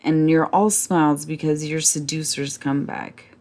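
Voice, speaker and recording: A tearful young nurse scolds sharply, her voice lifting higher and louder than the narration. A woman reads her in a storybook reading, with a gravelly edge under the shrillness. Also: expressive, unhurried, exaggerated voice. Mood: scolding.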